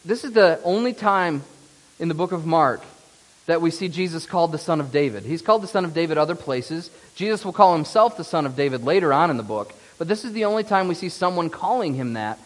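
Earnest male preacher in a reverberant space. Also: fairly high pitch. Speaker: pastor. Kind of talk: sermon.

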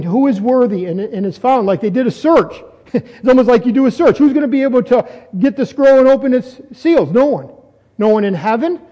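A high-pitched man with a mellow, soft-edged tone preaches verse by verse in a hall with a long echo. He reads scripture aloud, then unpacks it, rising to emphatic repeated questions. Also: dull audio. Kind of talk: expository sermon.

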